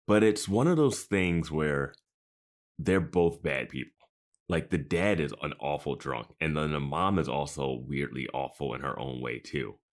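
A man co-hosting a podcast in casual chat, chiming in with quick agreement and laughing often. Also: extremely low pitch. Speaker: podcast co-host.

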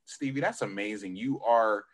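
A man hosting a podcast interview, chatting casually and often restarting his sentences. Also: lowish voice. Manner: halting, restarts often, easygoing. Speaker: podcast host.

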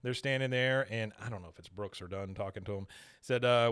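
A man casually recapping a cartoon episode, telling the story with lots of laughs and quick jumps into other characters' voices. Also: clean tone. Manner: lively storytelling, acting out lines with big pitch jumps and laughing. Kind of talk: casual chat.

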